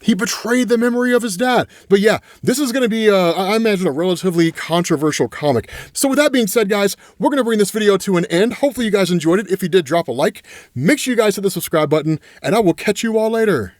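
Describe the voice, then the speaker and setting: A man giving a casual, animated comic book recap as a regular host, full of loose fillers. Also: high-pitched, fast talker, no room sound, clean studio sound.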